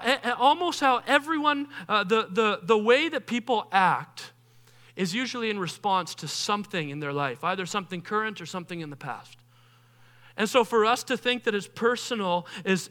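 A man preaching a sermon in a high, strikingly bright voice. He is animated, acting out the people he quotes. He swings between loud bursts and quiet, low stretches. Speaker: pastor.

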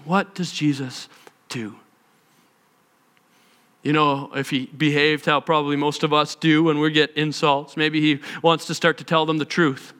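A male pastor preaching a sermon in an animated storytelling manner, repeating phrases for emphasis. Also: on the high side, measured pace. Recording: long hall reverb.

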